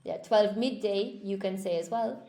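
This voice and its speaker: A woman's voice: mid-range voice, moderate pace, dark tone, reverberant. A woman English teacher hosting a live stream, upbeat and encouraging as she chats with callers and reads out viewers' comments.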